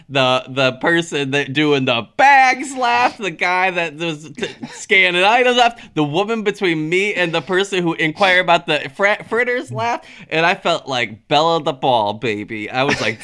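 Man, podcast co-host, casual comedic chat, lively pitch, bright edge, acts out quoted voices. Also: a little slow, hardly any pauses, clean tone.

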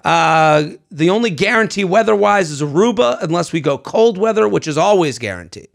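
A man in his thirties with a fairly high voice and a gravelly edge, chatting on a podcast. He tells stories with big swings in pitch and acts out what other people said. He swears freely. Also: moderate pace. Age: 30s. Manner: animated storyteller, swears freely, acts out quoted dialogue. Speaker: podcast co-host. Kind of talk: casual chat.

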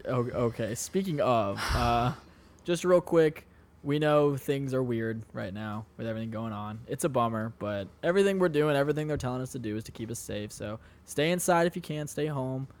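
A man co-hosting a casual comedy podcast, with a middle-pitched voice. He talks in a playful, coaxing way and laughs easily. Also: animated, moderate pace. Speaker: podcast co-host.

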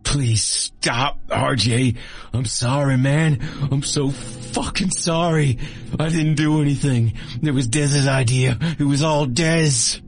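A man's voice: medium pitch, fairly even intonation, measured pace, few pauses, a bit bright, voice pushed up. A man voicing a beaten male thug who stammers and begs for his life in an audiobook horror story. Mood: begging. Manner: stammering, pleading.

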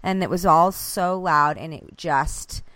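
A woman co-hosting a casual podcast, telling a story with animated, acted-out voices and casual swearing. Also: sits low, a little slow, no echo. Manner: swears freely. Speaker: podcast co-host. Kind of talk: casual chat among friends, storytelling.

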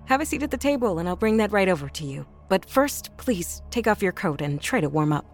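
A man voicing a kind, welcoming wife in a read-aloud story, speaking in a hospitable, brisk way. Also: high voice, sing-song, soft background music, voice pushed up. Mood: warm, hospitable. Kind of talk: storybook narration.

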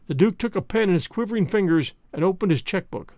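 A man narrating a classic detective story in an expressive, dramatic storytelling manner. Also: high voice, fast talker, few pauses, no room sound, clean studio sound. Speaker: audiobook narrator.

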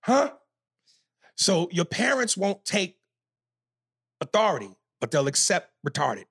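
Gravelly husky podcast host, man. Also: sits high, big pitch swings, measured pace, a bit bright, dry recording, clean studio sound. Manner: profane, emphatic, argues with mock outrage. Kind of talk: casual podcast banter.

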